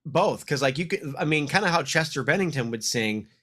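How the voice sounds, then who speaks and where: A man's voice: fairly high pitch, animated, brisk, a bit bright. Nasal-voiced man in casual chat. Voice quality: slightly nasal. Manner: rambling, many fillers and restarts. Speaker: podcast co-host.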